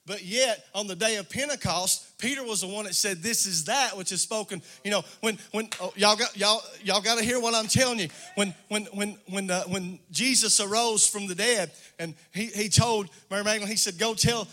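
High, bright-voiced preacher. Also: male voice, moderate pace, few pauses. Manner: preaching with rising, sing-song intensity; calls on congregation members by name. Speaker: pastor. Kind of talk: call-and-response sermon.

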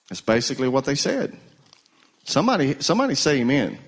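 A man's voice: mid-range voice, very animated, quick pace, slightly rough. A male pastor preaching a sermon, calling on the congregation to answer him. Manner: call-and-response preaching, urging the congregation to answer.

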